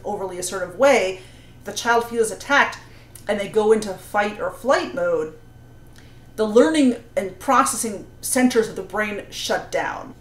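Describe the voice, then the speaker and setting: Earnest woman giving parenting advice, roomy echo. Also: mid-range voice. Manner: earnest, explanatory, with frequent "you know" and "right?". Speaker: parenting coach and astrologer. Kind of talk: advice talk to camera.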